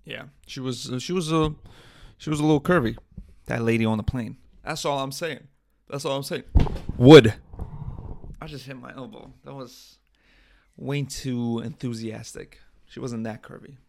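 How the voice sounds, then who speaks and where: A man's voice: mid-range voice, moderate pace, gravelly, dry recording, studio quality. A young man hosting his own podcast, rambling and joking irreverently with lots of swearing and laughter. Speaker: podcast host. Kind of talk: casual solo podcast rant.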